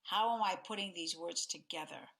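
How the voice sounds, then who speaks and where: A middle-aged woman with a lowish voice speaks at a normal speed while hosting a self-help podcast as a life coach. She talks expressively and acts out sample dialogue, giving the quoted lines different tones.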